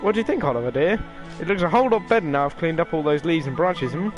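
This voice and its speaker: A man reading game lines aloud as a kind older woman neighbour, gentle and fond. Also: on the high side, lively intonation, fast talker, soft background music, natural voice. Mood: kindly.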